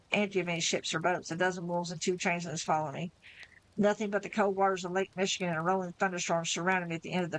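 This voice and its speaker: A woman's voice: on the low side, a bit bright, poor audio. A woman reading a novel aloud on a live stream, narrating steadily in the first person with the occasional slip.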